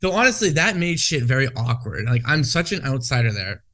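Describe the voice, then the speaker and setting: A man in a loose, casual podcast conversation, his voice sitting at an ordinary middle pitch. He swears a lot and drifts from one tangent to the next. The delivery is unscripted and talky. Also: big pitch swings, brisk, fairly bright tone. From Western Canada. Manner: profane, rambling, goes off on tangents. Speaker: podcast co-host.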